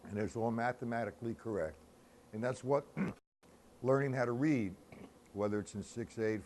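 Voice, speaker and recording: A man's voice: fairly low pitch, background noise. A man teaching a drum-reading lesson, patient and methodical, counting beats aloud step by step. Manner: casual with fillers, clears throat. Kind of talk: music lesson.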